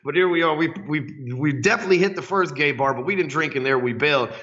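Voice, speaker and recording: Male sales coach, casual and foul-mouthed, forceful bright tone, muffled lo-fi audio. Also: a little high, fast. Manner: profane, rambling, frequent "right?" tags. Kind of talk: casual storytelling talk. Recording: dull lo-fi recording.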